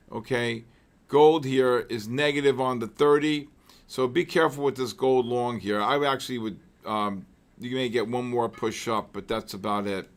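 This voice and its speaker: Male trading-show host, live market talk, rambling and repetitive, prone to exclamations. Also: medium pitch. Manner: rambling, repeats himself, frequent throat clearing; exclamatory asides.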